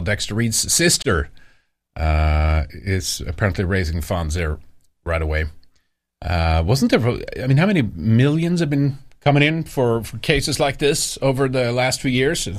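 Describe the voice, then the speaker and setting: A man's voice: medium pitch, very animated, a little slow. A man hosting a livestream, casually commenting on news and reading viewer chat, rambling with many hesitations and restarts. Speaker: livestream host.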